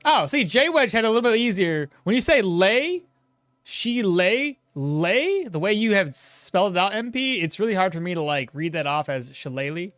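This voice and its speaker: Male streamer, slightly high and lively delivery, relaxed talk-through of his own play with frequent chuckles. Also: normal speed, dry recording, clean studio sound. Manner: thinks aloud, chuckles often, answers chat. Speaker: streamer playing a game. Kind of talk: casual gameplay commentary.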